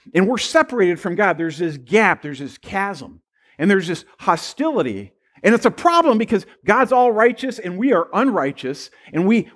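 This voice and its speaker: A man with a notably high speaking voice preaches to his congregation. He is middle-aged and talks in a relaxed, conversational way. He wanders into asides and restarts his phrases as he goes. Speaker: pastor. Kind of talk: sermon.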